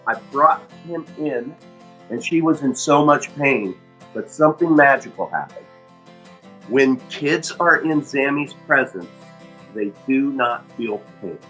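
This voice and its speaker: A man's voice: medium pitch, expressive, a little slow, a bit bright, lo-fi sound, soft background music. A middle-aged man telling heartfelt personal stories about his dog, earnestly repeating key phrases for emphasis. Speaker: dog owner and vlogger.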